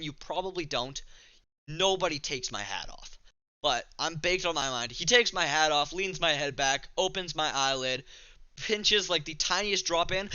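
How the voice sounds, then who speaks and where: A man's voice: on the high side, bright, forceful tone, clean tone, dry recording, muffled recording. A young man from Canada casually telling a rambling, profane, self-mocking story to the camera. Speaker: vlogger.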